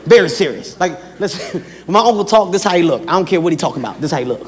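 A man doing a stand-up comedy routine, telling exaggerated stories with shouted punchlines. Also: a little high, expressive, fast, a crowd in the background. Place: large performance hall. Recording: reverberant hall, faint background noise.

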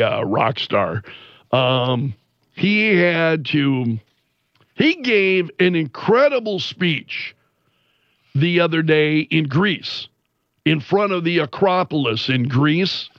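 A man giving casual news commentary in an animated way, retelling quotes with the swearing bleeped out by voice. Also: on the high side, no room sound, muffled recording.

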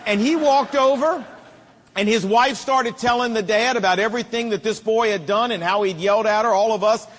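A man's voice: sits high, brisk, a bit bright, long reverb tail. A middle-aged man preaching a sermon to fathers, with an emphatic, repetitive cadence.

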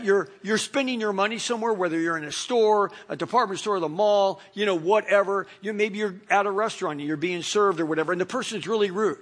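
High-voiced pastor, chatty sermon. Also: male voice, a bit bright, breathy edge. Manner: conversational, storytelling, many fillers.

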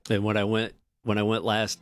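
A man's voice: lowish voice, completely flat delivery, a little fast, faint music behind. A middle-aged man co-hosting a morning radio show, telling rambling, self-deprecating stories and laughing often. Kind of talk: casual morning radio banter.

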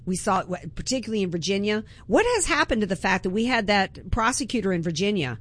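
A woman's voice: medium pitch, lively intonation, fast talker. A woman hosting a political talk radio show, delivering an impassioned, emphatic monologue with frequent restarts.

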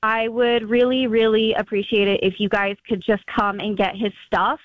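A woman's voice: medium pitch, flat delivery, normal speed, dry recording, narrow, tinny audio. A young adult woman calling in to a radio show, telling a personal story in a casual, chatty way with many fillers and acted-out quotes. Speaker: caller.

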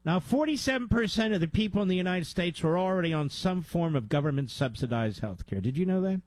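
A male talk radio host with a voice pitched a bit higher than most men. He talks in a combative, mocking monologue full of sarcastic jabs. The sound is dry and close, with no room around it. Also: lively intonation, fast, darkish tone, no echo. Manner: mocking asides to his producer.

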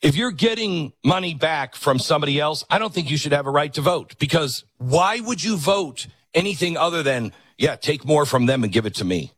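A man hosting an opinionated talk show, with a sarcastic, mocking delivery. His pitch swings widely as he scoffs and jokes. The voice is a little husky and recorded dry and close. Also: normal speed, hardly any pauses, dry recording. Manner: sarcastic, mocking, animated asides. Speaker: political commentary host.

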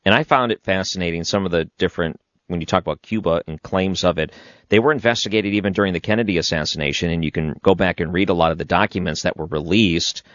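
A man's voice: deep voice, quick pace, a bit bright, dry recording, lo-fi sound. A man hosting a late-night call-in radio show, thinking aloud and steering callers along. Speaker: radio talk show host.

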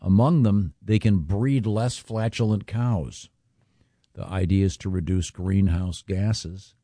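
A man hosting a morning radio show in a studio, chatting casually and pausing often with lots of uh and restarts. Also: low voice, mellow, dry recording. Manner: halting, full of uh and restarts.

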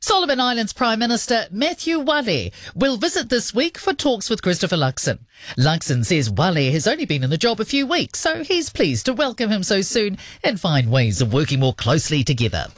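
A New woman reads the radio news with a lively, rising and falling delivery. Her voice sits in a middle pitch and is recorded close and dry in the studio. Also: brisk, no room sound. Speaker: newsreader.

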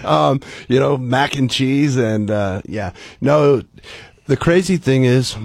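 A middle-aged man, a former baseball player, telling stories as a guest in casual talk, animated and acting out the people he quotes. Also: mid-range voice, takes it slowly, no echo. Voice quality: gravelly, husky. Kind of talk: casual storytelling.

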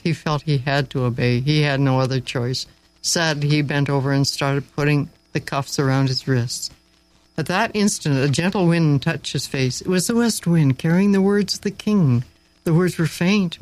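Brief: male narrator, read-aloud story, expressive with dramatic slowing, dry booth sound. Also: on the high side, dry recording, poor audio.

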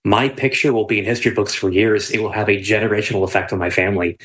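A man being interviewed as a guest on a radio show, easygoing and relaxed. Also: lowish voice, fast. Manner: laughing, easygoing. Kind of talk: interview answers.

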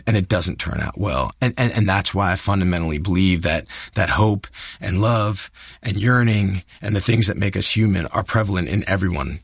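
A man in his thirties, an actor telling a personal story in an interview, earnest and halting, often repeating words as he restarts. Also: low voice, vocal fry, breathy edge, no echo, studio quality. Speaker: actor, guest.

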